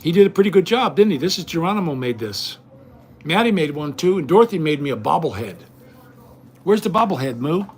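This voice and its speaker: Brief: middle-aged male vlogger, slightly high voice, indignant rambling rant, recorded at home. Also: big pitch swings, fairly quick. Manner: indignant, ranting. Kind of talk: casual rambling home vlog.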